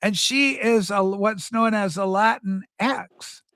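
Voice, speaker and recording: A man's voice: high voice, takes it slowly, a bit bright, no echo, clean studio sound. A man hosting a livestream in a campy, rambling chat, telling stories in a flamboyant persona. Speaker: livestream host. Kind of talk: casual chat.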